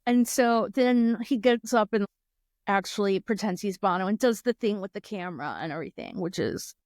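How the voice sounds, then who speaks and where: Laughing often, a chatty podcast co-host tells stories in casual conversation, her pitch darting around when she quotes people. Her voice is expressive and a little mellow. The studio-quality recording is dry.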